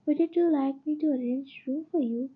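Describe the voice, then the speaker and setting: A woman voicing a gentle, hurt young wife who speaks softly and placatingly. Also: high voice, normal speed, natural voice. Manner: soft and placating. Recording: dull lo-fi recording.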